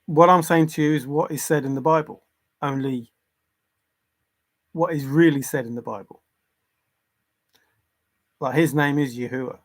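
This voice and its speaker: A man with a fairly high voice hosts a casual livestream from home. He talks in an earnest, insistent way and stops to answer viewer comments. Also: steady tone, unhurried, long pauses. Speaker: livestream host. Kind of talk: casual livestream talk on religion.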